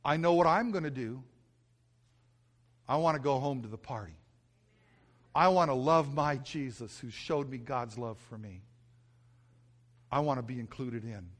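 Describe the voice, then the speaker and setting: Preaching with earnest feeling, this male pastor recounts a personal story, his medium-pitched voice a little slow and marked by long pauses. Moved at times, he lowers his voice softly and repeats his words.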